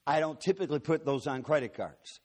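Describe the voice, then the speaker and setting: A man's voice: a little high, animated, fairly quick, a little mellow. A man preaching a sermon to a church congregation, telling personal stories with folksy, joking asides. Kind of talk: sermon with storytelling.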